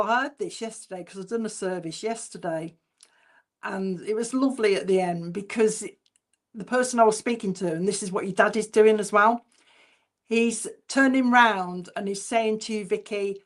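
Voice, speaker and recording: Chatty woman medium. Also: mid-range voice. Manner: chatty and informal, relays messages by repeating them slowly. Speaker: spiritualist medium. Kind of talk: clairvoyant demonstration at an online church service.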